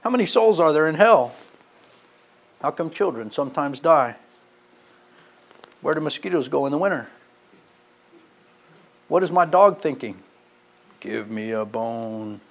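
A man preaching a sermon, telling stories and shifting between emphatic passages and quiet, low asides. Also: expressive, moderate pace, long pauses. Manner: storytelling, rising to emphatic passages then dropping quiet.

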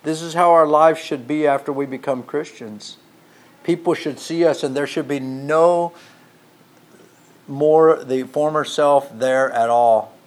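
A man preaching a sermon who reads scripture and swings from loud emphasis to hushed tones, using repeated rhetorical questions. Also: fairly high pitch, fairly even intonation, a little slow.

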